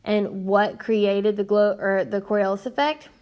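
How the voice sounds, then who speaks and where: A woman's voice: medium pitch, level tone, unhurried, a little mellow. A young woman, teaching a recorded science lesson in a chatty, upbeat way and speaking straight to her students. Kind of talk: recorded classroom lecture.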